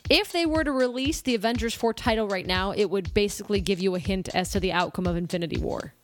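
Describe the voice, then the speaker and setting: A woman hosting a podcast, chatting casually and excitably with quick asides. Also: mid-range voice, a little hiss or hum. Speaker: podcast host.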